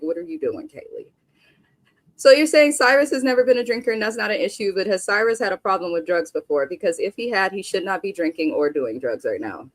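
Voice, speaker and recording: A woman's voice: medium pitch, no room sound. A young adult woman hosting a live stream, giving a casual, blunt recap of a reality show with frequent chatty asides.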